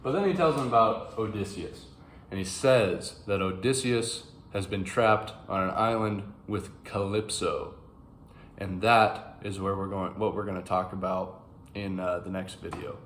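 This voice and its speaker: A man hosting a book channel, casually explaining classic literature in a rambling, animated way with frequent fillers. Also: fairly low pitch, unhurried, slight background noise. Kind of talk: casual classics commentary to camera. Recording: roomy with faint ambience.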